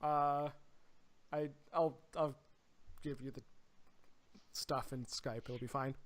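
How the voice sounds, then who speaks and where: A young man co-hosting a casual anime review podcast, rambling and excitable, often trailing off mid-thought. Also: medium pitch, slow. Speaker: podcast co-host. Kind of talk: casual chat. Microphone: desk microphone.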